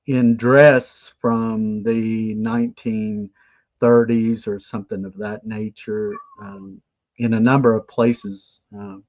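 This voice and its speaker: A man speaking slowly and hesitantly, with many fillers, as he shares his experiences. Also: on the low side, level tone, a little mellow, no room sound, lo-fi sound.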